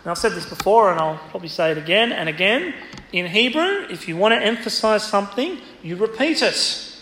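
Pastor, man, high-pitched, teaching a Bible passage from the pulpit; recorded in a reverberant church hall. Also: expressive, brisk, bright, forceful tone, a little hiss or hum. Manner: expository Bible teaching, emphatic quotes. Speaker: preacher. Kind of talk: sermon. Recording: echoey church hall, faint ambience.

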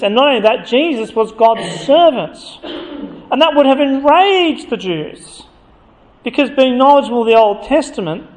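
A man preaching a sermon, emphatic and building to forceful accusation as he reads from scripture. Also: high-pitched. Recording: long hall reverb.

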